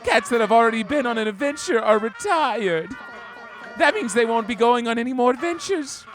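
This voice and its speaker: A man voicing a flamboyant, gossipy male neighbor in a game, with a campy, theatrical, drawn-out delivery. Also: very high-pitched, animated, a bit bright. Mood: chatty. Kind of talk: game character dialogue.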